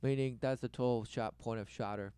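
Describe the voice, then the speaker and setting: A man giving rambling commentary on a video, swinging from loud exclamations to low muttering and repeating words over and over. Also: fairly even intonation, brisk, smooth, dry recording. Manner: repetitive, breathless wordplay. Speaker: commentator reacting to a documentary.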